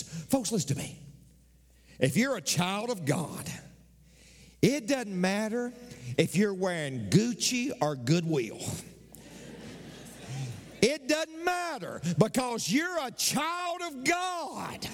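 A middle-aged man preaching a sermon as pastor, swinging from shouts down to whispers. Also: high voice, sing-song, slow pace, long pauses, in a large hall.

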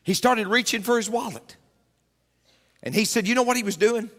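A man's voice: sits high, moderate pace, a bit bright, in a large hall. A male pastor preaching a sermon, telling a story and repeating key phrases for emphasis.

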